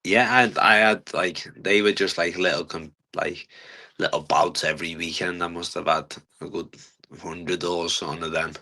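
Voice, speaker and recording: Deep, flat-voiced young man. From England. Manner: earnest, halting with many fillers. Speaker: guest fighter. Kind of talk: casual interview talk.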